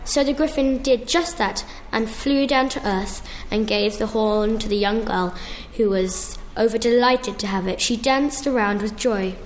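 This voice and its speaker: A woman reading a storybook tale aloud, slowly and carefully, with small restarts. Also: a little high, a little hiss or hum.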